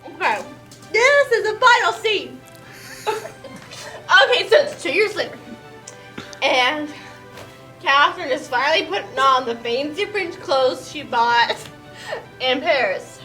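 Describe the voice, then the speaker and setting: Giggly, high-voiced young woman retelling a play. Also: slow, pauses often, soft background music, low-quality recording. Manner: giggly, animated, slangy. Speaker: host. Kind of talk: casual plot retelling.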